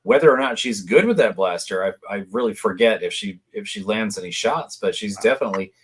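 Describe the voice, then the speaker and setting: Low-voiced man chatting on a podcast. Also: expressive, fairly quick, a little hiss or hum. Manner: reflective, chatty storyteller. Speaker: podcast co-host. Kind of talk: casual podcast discussion.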